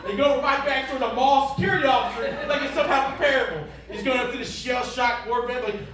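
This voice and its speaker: A man doing stand-up comedy with quick, incredulous punchlines. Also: extremely high pitch, fairly bright tone. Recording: echoey room, voice from far off.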